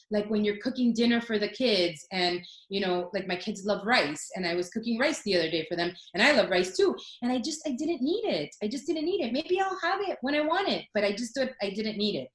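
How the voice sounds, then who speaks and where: A woman's voice: medium pitch, roomy sound, poor audio. A woman in her forties, a guest telling personal stories in casual chat and acting out quotes. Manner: animated storytelling, acts out quotes.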